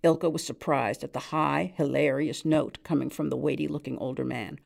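A woman reads a literary short story aloud. Her narration is measured and even, with a gravelly texture to the voice. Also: sits low. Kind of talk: literary reading.

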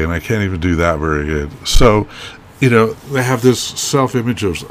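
A man's voice: low-pitched, normal speed, slight background noise. A man co-hosting a podcast in casual chat, rambling and joking with many restarts. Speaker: podcast co-host.

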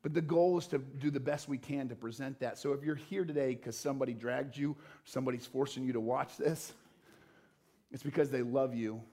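A young adult male pastor delivering a sermon to a church room, impassioned and rising to loud emphatic peaks, with plain talk between them. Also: mid-range voice, fairly even intonation, fairly quick. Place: church auditorium.

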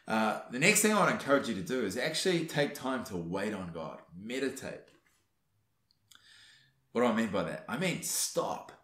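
A man giving an earnest, urging devotional teaching, often pausing on fillers and restarting his sentences. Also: mid-range voice, a bit bright, roomy sound. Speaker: Christian teacher.

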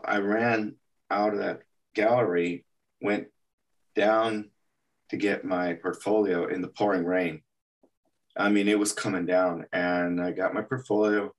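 Low gravelly voiced guy from el paso telling a story in an interview, sounds a bit far from the mic. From El Paso, Texas. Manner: animated storyteller, acts out quotes. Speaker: animation artist, interview guest. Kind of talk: anecdotal storytelling.

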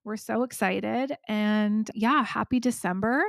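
A woman's voice: on the high side, a little slow, vocal fry, fairly bright tone, dry recording, clean studio sound. A woman hosting a podcast, giving encouraging coaching talk directly to the listener. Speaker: podcast host.

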